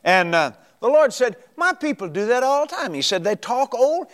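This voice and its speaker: A man with a notably high voice preaches a sermon. He drags out key words and jumps up in pitch for emphasis as he retells a story and recites scripture. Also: very animated, moderate pace, a bit bright.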